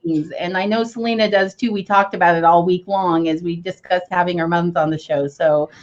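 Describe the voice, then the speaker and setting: A woman's voice: lowish voice, fairly even intonation, brisk. Tearful woman on dull, lo-fi audio. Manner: tearful, warm tribute to her mother. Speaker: co-host. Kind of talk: casual video chat.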